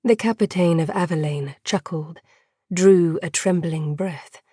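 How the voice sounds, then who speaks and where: A woman reading an audiobook as narrator, measured and hushed. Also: lowish voice, husky, no echo, studio quality. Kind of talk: scripted dark fantasy narration.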